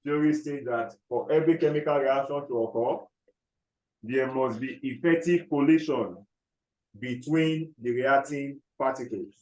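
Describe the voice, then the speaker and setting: A man's voice: medium pitch, darkish tone. Echoey male chemistry teacher. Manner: repeats key phrases slowly, checks understanding often. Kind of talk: classroom lecture with dictation. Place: classroom.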